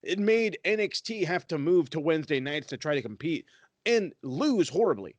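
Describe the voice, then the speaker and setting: A man's voice: on the high side, very animated, normal speed, no room sound. A man co-hosting a wrestling podcast, ranting in a heated, profane, sarcastic way. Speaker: podcast co-host.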